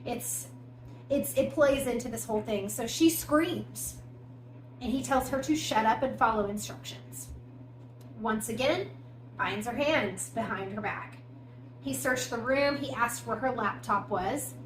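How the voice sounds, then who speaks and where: A somewhat high-pitched woman talks through a true-crime case like she's chatting with a friend. She keeps dropping in pointed little asides and fillers. Her voice rings around an echoey room with faint noise underneath. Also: measured pace. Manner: conversational, recounting events with emphatic asides and fillers. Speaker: podcast co-host. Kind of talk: casual true-crime storytelling.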